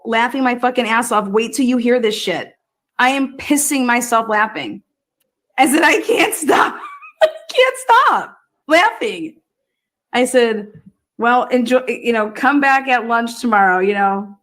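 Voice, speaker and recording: A woman hosting a true crime livestream, ranting in crude casual talk and cackling often. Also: a little high. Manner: loud, swearing, cackling often. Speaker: true crime streamer host. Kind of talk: profane casual livestream rant.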